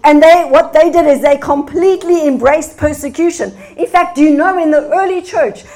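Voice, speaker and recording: An older woman with a high voice preaches a sermon as a guest minister. She tells stories with animated delivery and rises to fervent exclamations. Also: normal speed.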